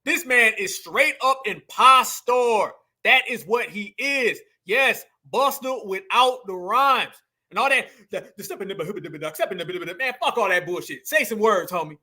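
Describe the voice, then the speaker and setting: Guy ranting on his channel, high bright voice, mocking, keeps saying family. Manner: heated, mocking, keeps calling the audience family. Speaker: commentary channel host. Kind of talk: opinionated commentary.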